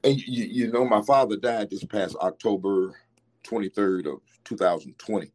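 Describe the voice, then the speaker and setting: Low, mellow-voiced man reminiscing. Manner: halting, many restarts, speaks fondly. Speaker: interviewee, son of the former coach. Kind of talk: reflective interview recollection.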